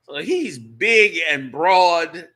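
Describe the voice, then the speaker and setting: A man with a high, very bright voice hosts a casual talk radio show. He talks emphatically, repeating his phrases and laughing between them. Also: expressive, drawn-out words.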